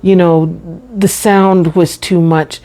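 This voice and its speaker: Slow, deliberate woman vlogger. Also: fairly low pitch, little pitch movement, warm tone. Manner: slow, deliberate, carefully enunciated; chatty, says y'all and you know. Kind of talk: personal vlog talk.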